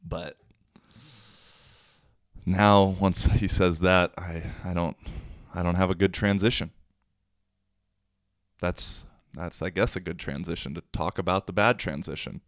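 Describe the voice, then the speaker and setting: A man's voice: deep voice, steady tone, a little slow, long pauses, dry recording, studio quality. A young man hosting a solo podcast, chatting casually in a slangy, rambling, self-mocking way. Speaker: podcast host.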